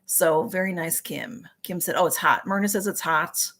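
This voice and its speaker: A woman's voice: lowish voice, normal speed, creaky, a bit bright. A middle-aged woman with a Southern US accent, chatting casually with viewers on a livestream and reading out their comments in a rambling way. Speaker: livestream host. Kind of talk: casual live chat with viewers.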